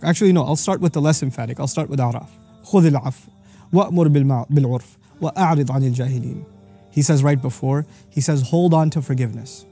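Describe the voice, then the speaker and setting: A man teaching on scripture in an energetic explanatory talk, reciting verses quickly and then explaining them. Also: on the high side. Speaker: Quran teacher.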